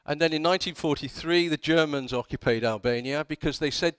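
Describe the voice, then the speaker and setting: A man's voice: medium pitch, a little fast, few pauses, a bit bright, clean tone, dry recording. A man giving a conference talk, telling history as wry anecdotes and acting out the quoted dialogue. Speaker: conference speaker. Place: conference hall.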